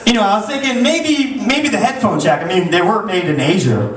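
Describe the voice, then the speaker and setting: Stand-up comic guy, kinda high-pitched, crude rambling jokes, roomy club sound from far off. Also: fairly quick, very noisy. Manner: crude, rambling delivery with restarts. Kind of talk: stand-up set. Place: comedy club stage. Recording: echoey club recorded from afar.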